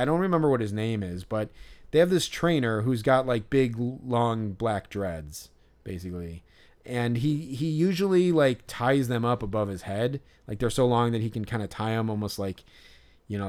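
In casual chat, a podcast co-host tells a rambling story full of fillers and restarts, his mid-range voice expressive, a little mellow, and at normal speed. He raises his voice to mimic other fans.

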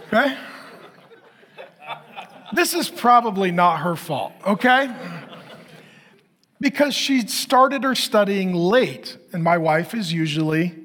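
High-pitched middle-aged guy preaching a sermon, jokey and candid about himself. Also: fairly bright tone. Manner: candid, self-mocking storytelling with laughs. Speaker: pastor.

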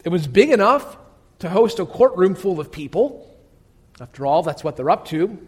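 Preaching as pastor, a man with a high-pitched, husky voice tells the story with animation at a moderate pace. He frequently lowers to a hushed tone and asks his listeners questions directly.

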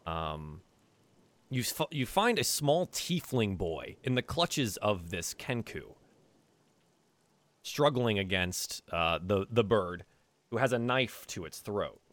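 A man narrating as game master of a tabletop game, telling the scene in a lively storytelling way with fillers and restarts. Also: lowish voice, takes it slowly.

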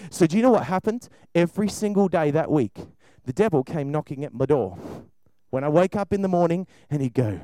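A man preaching an animated sermon to children and a congregation, acting out voices as he goes. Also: high voice, moderate pace, dry recording, poor audio. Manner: animated, acts out voices, shifts between loud and soft.

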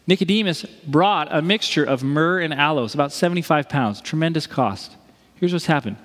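A man's voice: a little high, normal speed, a bit bright, long reverb tail. A male pastor delivering a conversational sermon, telling a story and acting out the voices of the people in it.

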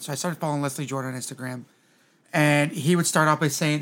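A man's voice: fairly high pitch, steady tone, rapid-fire, creaky, fairly bright tone. A man in casual podcast chat, rambling and earnest, turning emotional. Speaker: podcast co-host.

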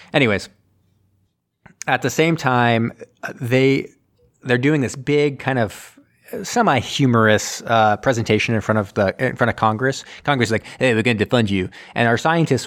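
A man in casual conversation, recapping a film in a loose, rambling way with lots of fillers and self-corrections. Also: medium pitch. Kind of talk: casual chat.

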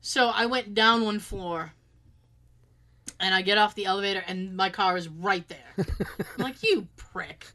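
A woman's voice: mid-range voice, fairly even intonation, unhurried, pauses often, bright, forceful tone. A woman casually telling a story and acting out the quotes, swearing freely.

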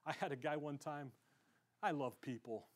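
A man's voice: fairly high pitch, normal speed. A male pastor preaching a sermon in a conversational way, acting out the voices of the people he quotes.

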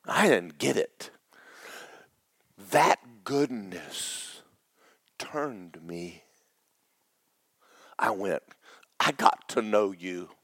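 A middle-aged male pastor preaching, his voice tearful, dropping to whispers and rising to loud cries. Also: on the low side, lively intonation, drawn-out words, pauses often, dry recording. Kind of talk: sermon.

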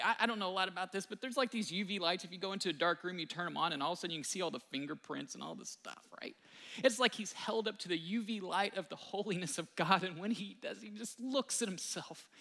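A man preaches with an animated, chatty delivery, his voice high for a man and bright in tone. His words ring out through the long reverb of a large hall. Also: vocal fry. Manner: animated, conversational preaching with many fillers. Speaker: pastor. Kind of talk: sermon.

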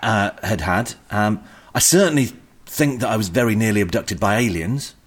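A man's voice: lowish voice, normal speed, breathy edge. A man, co-hosting a podcast in casual, rambling chat full of ums and hesitations. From England. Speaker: podcast co-host.

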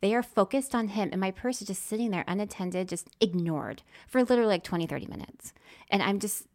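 Animated and fairly quick, a woman with a medium-pitched voice shares a personal story in casual conversation. Acting out what she was thinking, she moves between quiet whispers and abrupt loud outbursts.

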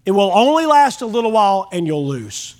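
A man's voice: sits high, very animated, fairly quick. A man preaching a sermon as pastor, with a folksy, emphatic delivery that acts out prayers.

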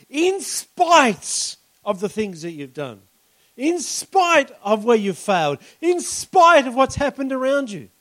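An Australian man preaching a sermon in an animated way, acting out reactions and bursting into shouts. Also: very high-pitched.

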